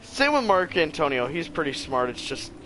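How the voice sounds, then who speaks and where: A young man chatting with friends during a game, animated and teasing, with sudden exclamations. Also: on the high side, moderate pace, over loud music. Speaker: friend and co-player. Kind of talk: casual chat among friends while gaming.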